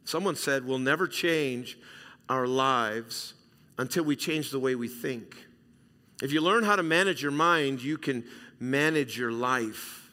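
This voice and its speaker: A middle-aged male pastor from Southern California preaching a sermon, emphatic and repetitive, swinging between loud and hushed. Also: mid-range voice, measured pace. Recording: reverberant hall sound.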